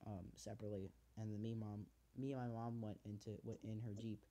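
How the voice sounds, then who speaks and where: A man's voice: on the low side, flat delivery, a little fast, dark tone. A teenage man hosting a podcast, talking in casual, heartfelt rambles full of fillers and swearing. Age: teens. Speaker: podcast host. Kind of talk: casual chat.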